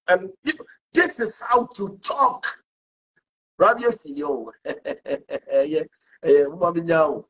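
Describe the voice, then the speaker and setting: Husky high-voiced man rambling. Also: very animated, slow, long pauses, a bit bright. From Ghana. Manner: rambling, code-switching, mimicking accents. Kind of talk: casual rambling talk to camera. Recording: dull lo-fi recording.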